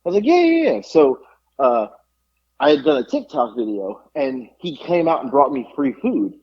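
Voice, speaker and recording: Man, podcast co-host, husky voice, animated storyteller, lo-fi recording. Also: medium pitch, moderate pace. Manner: animated storyteller, laughs often. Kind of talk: casual chat.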